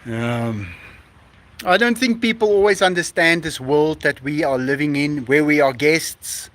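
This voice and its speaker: A man's voice: fairly high pitch, unhurried, a bit bright. A man hosting a casual live stream outdoors on a rooftop, effusive and laughing often as he reads out donations.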